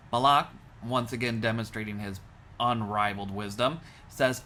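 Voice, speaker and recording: Wry, bright-voiced male rabbi. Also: on the low side, moderate pace, a little hiss or hum. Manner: wry, deadpan asides. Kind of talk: comic retelling of scripture.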